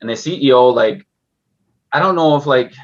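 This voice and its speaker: A man's voice: medium pitch, normal speed, muffled recording. A man talking as a guest on a casual investing podcast, rambling and restarting with many fillers.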